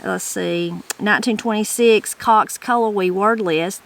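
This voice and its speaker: A woman with a warm Appalachian accent talks casually, reading entries from a word book and then wandering into her own thoughts about them. Her speech is relaxed and chatty, full of easy restarts and fillers, at a mid-range pitch. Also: a little slow, gravelly, hardly any pauses, low-quality recording. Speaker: host of a regional culture channel. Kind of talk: casual talk, reading dictionary entries aloud.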